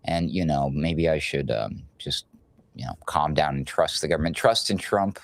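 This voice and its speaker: A man's voice: rumbling low, normal speed, gravelly, no room sound. A male co-host giving sarcastic, mocking political commentary in a casual chat. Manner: sarcastic, mocking, with put-on voices.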